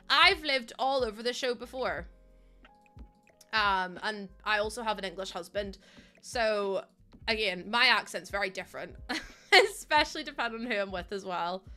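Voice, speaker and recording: A woman's voice: mid-range voice, animated, moderate pace, pushed and bright, faint music behind. A young woman with a Northern Irish accent, chatting casually with her live stream viewers, laughing often and answering their comments. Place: home streaming setup.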